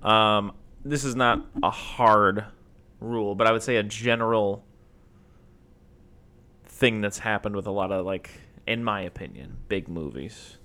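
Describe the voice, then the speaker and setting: Lowish-voiced guy, wry and opinionated, rambles through his thoughts in a casual chat. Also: a little slow, bright, forceful tone.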